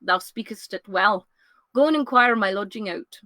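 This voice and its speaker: A woman reading the part of a courteous young gentleman in a solo reading of a classic play, speaking in calm, measured verse. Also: mid-range voice, no echo, lightly acted.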